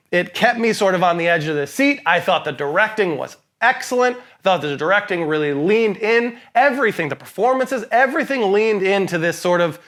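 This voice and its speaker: Male podcast co-host, high-pitched, opinionated and emphatic, casual movie talk. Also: a bit bright. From lives in Boston. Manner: emphatic, opinionated, laughs often. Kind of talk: casual movie review chat.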